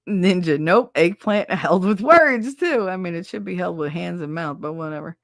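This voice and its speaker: A woman's voice: lowish voice, normal speed, no room sound, clean studio sound. A woman with a Southern accent hosting a casual podcast chat, talking frankly and profanely and laughing often. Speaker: podcast host.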